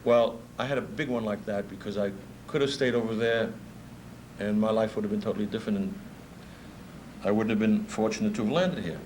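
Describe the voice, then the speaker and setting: His voice is on the low side and his delivery brisk: a music promoter in his fifties, New York accent, animatedly telling stories in a speech and laughing often. Slight background noise accompanies the poor audio.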